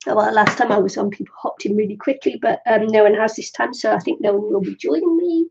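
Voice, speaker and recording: Now she talks quickly in a mid-range, darkish voice with vocal fry and a breathy edge. Still waiting for viewers to arrive, the middle-aged craft streamer chats, laughs often and mutters to herself over dull lo-fi stream audio.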